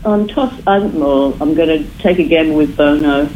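A woman's voice: low voice, normal speed, lo-fi sound, a little hiss or hum. A woman calling a radio show, chatty and joking, a little sniffly. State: slightly sniffly. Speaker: caller. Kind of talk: phone-in chat.

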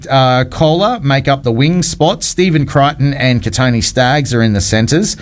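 An Australian man hosting breakfast radio, taking phone calls and talking sport in a chummy, upbeat way, calling people mate. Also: mid-range voice. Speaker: radio host.

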